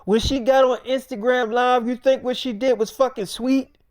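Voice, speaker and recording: A man voicing his heated, loud-mouthed best friend, profane and confrontational. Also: high-pitched, animated, normal speed, no echo, studio quality. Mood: accusing. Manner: profane, confrontational, keeps pressing.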